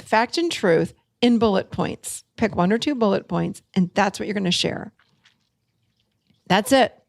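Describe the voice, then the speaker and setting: A woman hosting a solo talk show, teaching and acting out example lines in an animated way. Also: medium pitch, moderate pace, vocal fry, dry recording, studio quality. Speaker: podcast host and coach.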